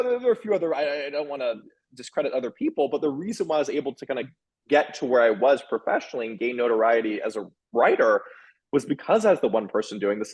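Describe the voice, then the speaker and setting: A man's voice: mid-range voice, husky, poor audio. A man in his thirties, an author and sex columnist, talking frankly and animatedly as a guest, with many restarts and fillers. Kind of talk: candid conversational interview.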